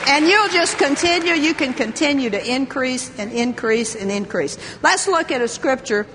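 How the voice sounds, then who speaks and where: Older lady preaching, high bright voice, laughs a lot, big reverb hall. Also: normal speed, a faint crowd, slight background noise. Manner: lively, laughs often, exclaims hallelujah. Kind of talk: sermon.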